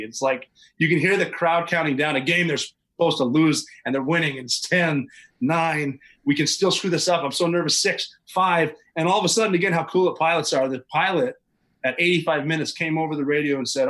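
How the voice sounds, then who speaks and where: Bright-voiced man telling a story. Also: a little high, low-quality recording. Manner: vivid, matter-of-fact recounting with occasional chuckles. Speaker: podcast guest. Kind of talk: casual spoken storytelling.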